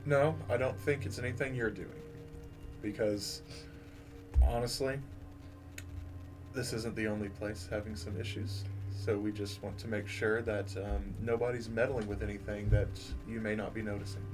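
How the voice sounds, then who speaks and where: A man playing his character in a tabletop game, speaking hesitantly with many pauses. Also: on the low side, level tone. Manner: hesitant, fumbling. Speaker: player. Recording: distant mic with faint music.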